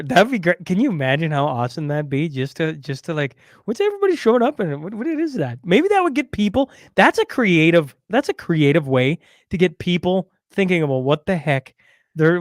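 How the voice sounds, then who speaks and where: Excitable male podcast host, dry sound. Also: on the high side, dry recording. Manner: excitable, repeats himself. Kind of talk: casual chat.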